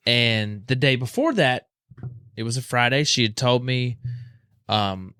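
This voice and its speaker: A man's voice: medium pitch, animated, measured pace, fairly bright tone, dry recording, studio quality. Laid-back man telling a story. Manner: laid-back, rambling, repeats himself. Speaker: podcast host. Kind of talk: casual storytelling chat.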